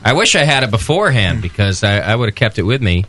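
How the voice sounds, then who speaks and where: Male radio host, low and bright, casual halting delivery. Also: sing-song, faint music behind.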